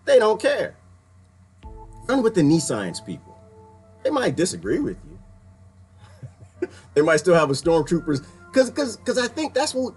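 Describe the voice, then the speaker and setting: A man's voice: medium pitch, darkish tone. A man hosting a casual livestream, talking straight to his chat viewers and laughing often. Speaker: livestream host.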